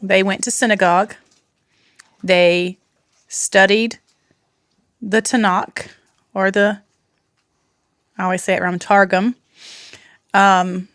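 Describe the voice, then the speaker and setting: A woman hosting a podcast in a studio, chatting casually and teasing her co-hosts with playful nicknames. Her voice sits at a medium pitch and sounds close and dry, with no room around it. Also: fairly bright tone, no echo. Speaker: podcast host. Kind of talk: casual group chat.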